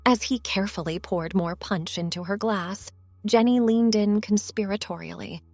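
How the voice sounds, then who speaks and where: A woman storyteller reading prose in an even, calm narration. Her voice sits at an ordinary pitch, recorded dry and close. Soft music plays faintly underneath. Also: normal speed, no room sound. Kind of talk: scripted narration.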